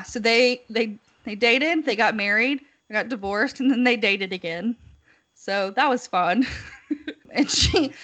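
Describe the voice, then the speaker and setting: A woman's voice: medium pitch, sharp tone. A woman casually chatting as a podcast co-host, laughing often as she retells what she has heard. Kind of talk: casual chat.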